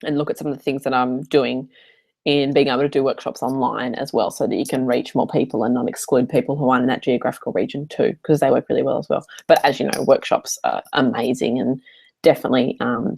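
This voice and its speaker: Woman business coach, low voice, casual and digressive, running live office hours. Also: gravelly, darkish tone, breathy edge. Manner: chatty, digressive, laughs often. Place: hotel room.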